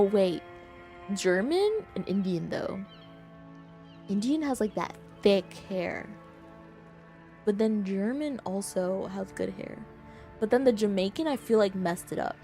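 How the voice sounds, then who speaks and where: A young woman streamer chatting casually with her viewers in an animated, quick-reacting way. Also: mid-range voice.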